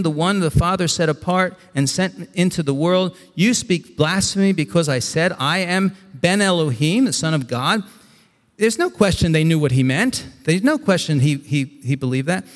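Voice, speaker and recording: A man preaching a sermon, reading scripture aloud and explaining it, climbing to excited emphasis and then dropping to quiet asides. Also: a little high. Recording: long hall reverb.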